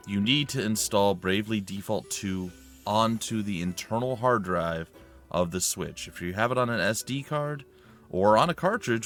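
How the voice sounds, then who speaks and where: A man's voice: on the low side, a bit bright. A man hosting a let's play, chatting casually and rambling about his game. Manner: rambling, chatty, self-correcting. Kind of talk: casual gameplay commentary.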